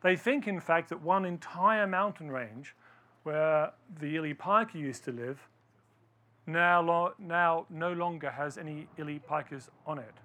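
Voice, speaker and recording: A man's voice: on the high side, unhurried, bright, forceful tone. A man giving a storytelling talk to a live audience, quizzing listeners with questions as he tells the story.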